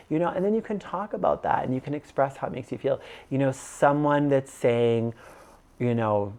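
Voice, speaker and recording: Gravelly-voiced man in his thirties coaching. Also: medium pitch, normal speed, darkish tone. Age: 30s. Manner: conversational, many "like" and "you know" fillers. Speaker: life coach teaching an online course. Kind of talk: casual instructional talk.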